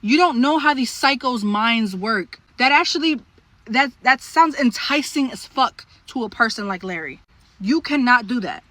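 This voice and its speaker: Bright-voiced blunt woman telling a story. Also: fairly high pitch, normal speed, no room sound. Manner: blunt, profane, animated. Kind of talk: casual storytelling to camera.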